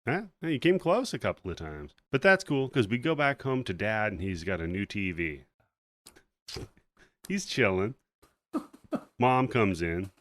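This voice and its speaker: A man hosting a podcast, recapping a movie in casual chat with animated, profane storytelling. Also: on the low side, unhurried, long pauses. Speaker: podcast host.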